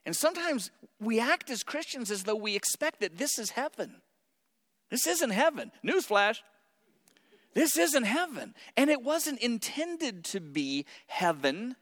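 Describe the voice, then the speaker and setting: A man preaching a sermon to his congregation, animated and playful, with joking asides to the listeners. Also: high voice, big-room sound. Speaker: pastor. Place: church sanctuary.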